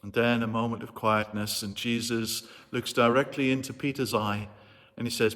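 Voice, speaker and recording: A man's voice: medium pitch, little pitch movement, moderate pace, a bit bright. A man preaching a sermon as a vicar, retelling a story in an earnest, reflective way. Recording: long hall reverb.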